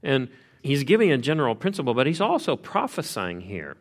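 A pastor preaching an expository sermon in a conversational, emphatic way, repeating key phrases. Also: male voice, mid-range voice, wildly swooping pitch, a little fast.

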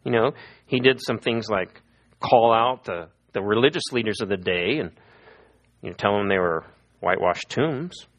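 A middle-aged pastor, his voice on the low side and his pace normal, preaches a lively, story-driven sermon, voicing the people he quotes. The recording's highs are cut off.

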